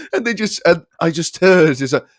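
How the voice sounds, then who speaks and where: A man's voice: sits high, no room sound, studio quality. A young man co-hosting a podcast in casual chat, laughing often as he tells stories. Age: young adult. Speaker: podcast co-host.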